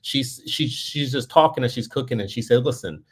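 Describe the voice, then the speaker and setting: A man's voice: medium pitch, normal speed, husky. A man co-hosting a podcast, telling a story in casual commentary and getting heated and emphatic as he goes. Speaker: podcast co-host.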